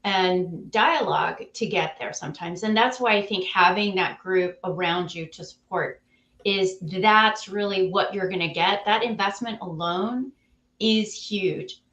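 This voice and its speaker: A woman's voice: mid-range voice, a little slow, fairly bright tone, muffled recording. Articulate woman speaking emphatically in an echoey room. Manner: articulate, emphatic, builds points in lists. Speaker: guest, CEO and author. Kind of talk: conversational interview.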